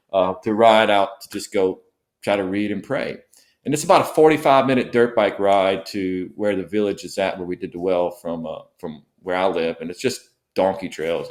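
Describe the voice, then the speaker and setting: A man's voice: fairly low pitch, moderate pace. A middle-aged man, a missionary guest, telling an emotional personal story in a podcast interview, earnest and often repeating himself.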